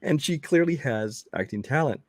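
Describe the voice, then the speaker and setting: A man co-hosting a podcast, chatting casually about films in a measured, agreeable way. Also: medium pitch, animated, dry recording, clean studio sound. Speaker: podcast co-host. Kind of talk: casual film discussion.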